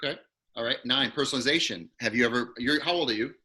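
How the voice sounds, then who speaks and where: A man with a very bright, forceful voice leads an acting class over a video call. He moves briskly from step to step and keeps prompting his student with quick, encouraging questions. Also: mid-range voice. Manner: quick, encouraging teacher walking a student through numbered steps. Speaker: acting coach.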